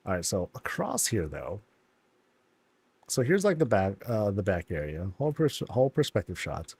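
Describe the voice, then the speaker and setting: A man giving laid-back, amused commentary while touring houses in a video game, often laughing and putting on quick silly voices. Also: fairly low pitch, very animated, gravelly, a little mellow, husky, dry recording. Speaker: streamer touring player housing in a game.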